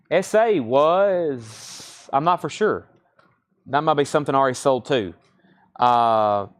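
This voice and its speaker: Brief: male host of a live record sale, mid-pitched, brisk auction patter calling bids and prices. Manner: brisk running auctioneer-style calls, reading bids and prices. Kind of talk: live-stream sales patter.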